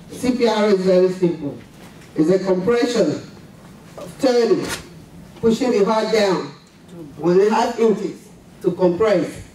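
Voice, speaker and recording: High-pitched guy running a cpr class, keeps asking okay?, echoey hall, mic far off. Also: mellow, slight background noise. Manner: plain, repeats key steps with frequent "okay?" checks. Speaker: CPR instructor. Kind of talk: live first-aid class. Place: large indoor conference hall.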